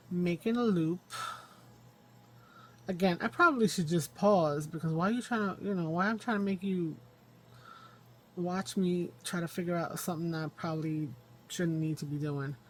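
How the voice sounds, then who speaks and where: Woman with a lower voice muttering thru her craft project at home, kinda rambly, faint background hum. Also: moderate pace. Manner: rambling self-talk while working with her hands. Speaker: crafting channel host. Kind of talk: casual crafting vlog, thinking aloud.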